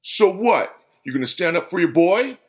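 Man putting on a hotheaded car owner, shouting, high, strained, slow. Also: sing-song, slightly rough, full character voice. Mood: snarling. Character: angry loud male car owner, hotheaded.

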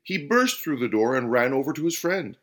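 A man hosting and narrating a scripted parable with an expressive reading. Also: mid-range voice, moderate pace. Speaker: host and storyteller. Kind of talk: scripted storytelling.

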